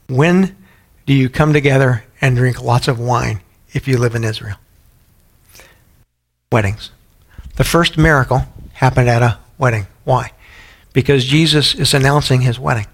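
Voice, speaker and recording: A man teaching a Bible study in a sermon style, often putting questions to his listeners. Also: medium pitch. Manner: asks the audience questions often.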